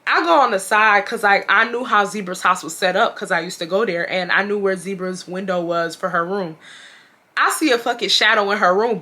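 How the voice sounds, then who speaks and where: A young woman from Houston with a Texas twang and a bright, sharp voice. She tells a story to camera in a loose, slangy and profane way. She acts out each quoted line with lively emphasis. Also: medium pitch, normal speed. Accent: Southern US, Texas. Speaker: storytime vlogger.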